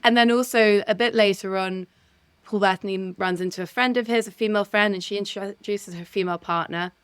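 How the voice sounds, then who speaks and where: A woman's voice: mid-range voice, steady tone, fairly quick, clean tone, dry recording. A woman co-hosting a film podcast, talking candidly and enthusiastically, with casual swearing.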